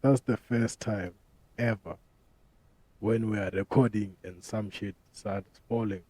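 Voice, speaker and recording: A man's voice: fairly low pitch, fairly even intonation, a little slow, dark tone, breathy edge. A man hosting a podcast, talking casually in a rambling, profane way full of street slang. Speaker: podcast host. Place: podcast studio.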